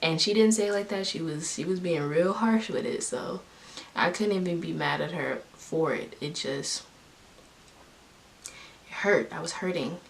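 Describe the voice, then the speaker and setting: A woman's voice: low voice, a little slow, creaky. A young woman telling a personal story to her viewers in an emphatic, candid way. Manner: emphatic, talking straight to viewers. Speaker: vlogger. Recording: voice a bit far from the mic, faint hiss.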